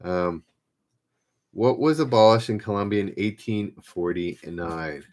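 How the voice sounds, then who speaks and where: In a lowish, unhurried voice, a trivia host on a live stream goes through viewers' guesses, repeating every question as he does. His manner is easygoing and he jokes at his own expense.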